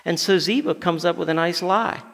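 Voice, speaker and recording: Preaching in a church sanctuary, a man tells stories in a conversational sermon, often tripping over and repeating his words. He speaks briskly in a high, creaky, fairly bright voice, and the hall's reverb trails on long.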